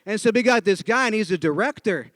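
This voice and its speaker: A man's voice: high voice, quick pace, no echo. A man from the northeastern United States telling a personal story live, acting out the people in it. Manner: animated, acts out every character in the story. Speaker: storyteller speaking to an audience.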